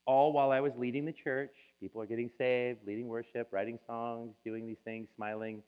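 A man's voice: medium pitch, flat delivery, a little fast, clear, resonant tone. A man preaching a sermon as a pastor, telling his own story in an emotional, confessional way. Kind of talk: sermon testimony. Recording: tinny phone-like sound.

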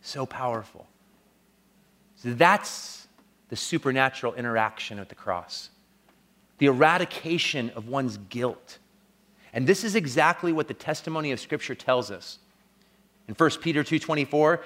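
A man preaching a sermon as pastor, earnest, rising to strong emphasis and dropping to a hushed, intimate tone when telling a story. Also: medium pitch, animated, unhurried, pauses often.

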